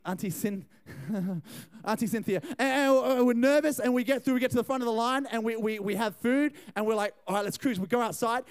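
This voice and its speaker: High-voiced young man preaching. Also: clean tone. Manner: animated, chatty, addresses the crowd. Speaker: youth pastor. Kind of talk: storytelling sermon.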